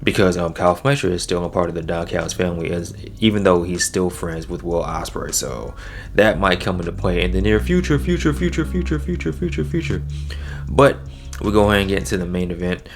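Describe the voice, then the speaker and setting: A low-voiced man talks through a wrestling episode in a relaxed, slangy way. He sounds like he is chatting with friends. His pitch jumps up when he gets excited. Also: quick pace, vocal fry, faint music behind. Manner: laid-back slangy talk, animated swings in pitch. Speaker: wrestling show reviewer. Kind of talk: casual solo review recap.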